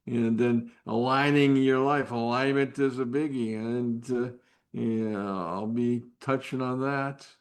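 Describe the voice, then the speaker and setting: Male host, unscripted live faith talk, measured and slow, unpolished, frequent restarts and fillers. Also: mid-range voice, fairly even intonation. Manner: drops to a whisper at times.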